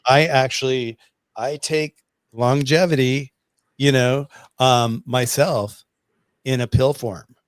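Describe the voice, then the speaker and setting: A man's voice: medium pitch, fairly even intonation, takes it slowly, long pauses, no echo, studio quality. A man chatting as a guest on a video call, telling stories in a rambling, enthusiastic way. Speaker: guest, pet herbal company representative. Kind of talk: casual video chat.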